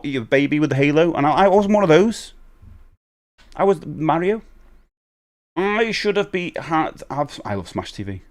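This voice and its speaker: A man streaming retro games live, chatting with viewers in a rambling, self-interrupting way. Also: a little high.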